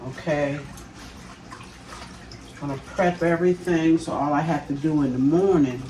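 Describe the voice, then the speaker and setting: A woman's voice: low voice, a little mellow, a little hiss or hum. Chatty woman cooking at home. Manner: chatty, checks in with the viewers often. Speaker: cooking channel host. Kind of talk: casual cooking demonstration. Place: home kitchen.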